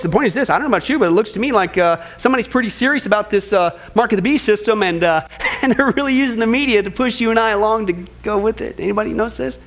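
A man with a notably high voice preaches a Bible study with strong emphasis. He calls his listeners folks, stacks repeated phrases and fires off rhetorical questions. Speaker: Bible prophecy teacher. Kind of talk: sermon-style Bible study.

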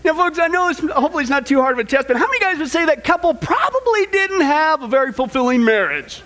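A pastor preaching a sermon, telling an animated story with stammering repeats and quizzing the congregation as he goes. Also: very high voice, fast talker.

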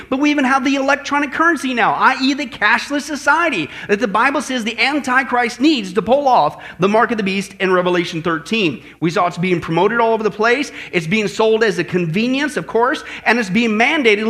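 A male pastor preaching a sermon in a church, joking and telling stories as he goes. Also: very high-pitched. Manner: joking, lively storytelling preacher.

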